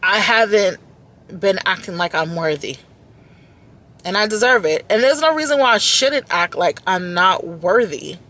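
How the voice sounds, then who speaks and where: Woman vlogger, mid pitch, earnest and emotional self-talk, recorded in a car. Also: animated, normal speed, a bit bright. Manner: emotional, earnest, repeats words. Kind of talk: heartfelt self-talk vlog. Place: inside a car.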